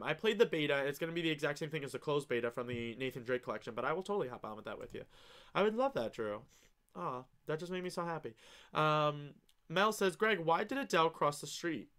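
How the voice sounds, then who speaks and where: Gushing with excitement, a young streamer chats easily and reads out comments from viewers, swearing now and then. His voice is smooth and on the high side.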